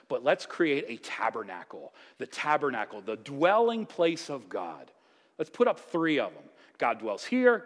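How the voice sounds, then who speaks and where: A man gives a Sunday sermon from the pulpit. His voice swings widely in pitch as he moves from earnest teaching to playful, acted-out asides. A long church reverb hangs behind every phrase. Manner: lively preaching with playful asides and acted-out quotes. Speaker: pastor. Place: church sanctuary.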